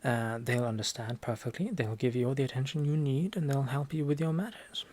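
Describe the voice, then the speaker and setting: A young man with a Norwegian accent in a whispered role-play as a language teacher, speaking softly and haltingly with deadpan jokes, close to the mic. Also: medium pitch. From Norway. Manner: soft-spoken, halting, deadpan joking. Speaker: ASMR creator playing a language teacher.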